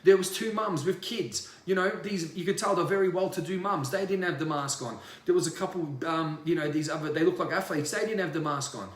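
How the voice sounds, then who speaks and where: A man's voice: fairly high pitch, fairly quick, hardly any pauses. Man, spiritual coach, ranting monologue, emphatic, swears a lot, echoey room. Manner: emphatic, profane, repetitive.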